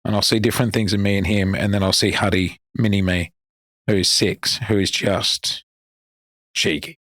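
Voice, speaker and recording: A man, a radio co-host chatting as a guest and telling lively, sweary anecdotes. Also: fairly low pitch, moderate pace, no room sound, clean studio sound. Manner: animated, swears freely, acts out voices in anecdotes. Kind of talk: casual storytelling chat.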